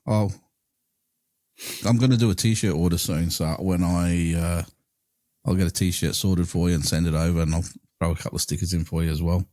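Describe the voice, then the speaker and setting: A man's voice: deep voice, fairly even intonation, moderate pace, pauses often, warm tone, no room sound, clean studio sound. A man hosting a podcast, chatting casually and laughing easily. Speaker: podcast host. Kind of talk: casual chat.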